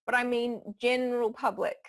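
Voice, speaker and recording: A woman's voice: on the high side, steady tone, moderate pace. A woman who trains people in public speaking, a guest giving conversational expert advice and laughing often as she explains.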